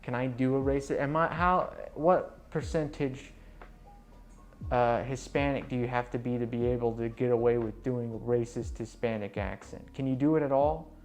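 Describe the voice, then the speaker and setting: A man's voice: medium pitch, normal speed, darkish tone, soft background music. A man hosting a video, giving rambling, mocking commentary full of fillers and trailing asides. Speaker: video host reviewing books. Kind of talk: casual sarcastic commentary.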